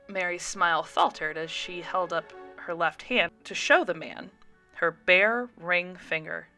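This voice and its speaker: A woman narrates a chapter of a story in a low, bright, forceful voice. Her read-aloud delivery is lively. Soft music sits faintly behind her. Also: normal speed. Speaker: guest reader.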